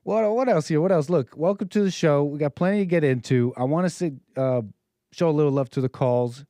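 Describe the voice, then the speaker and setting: A man's voice: fairly high pitch, brisk, dark tone, no echo, studio quality. Rambling man hosting a call-in show. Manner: rambling, joking, many fillers and restarts. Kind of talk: casual call-in talk show.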